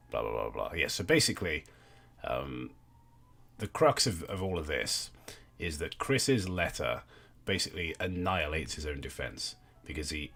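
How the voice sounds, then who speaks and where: A man's voice: very deep voice, bright, forceful tone. A young man hosting a livestream, reading aloud and thanking donors in a wry, sweary way. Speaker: livestream host. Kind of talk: casual livestream commentary.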